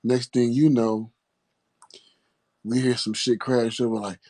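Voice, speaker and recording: A man's voice: mid-range voice, level tone, measured pace, dark tone, a little hiss or hum. A man telling a story in a laid-back, profane way, laughing often as he goes. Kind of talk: casual storytelling.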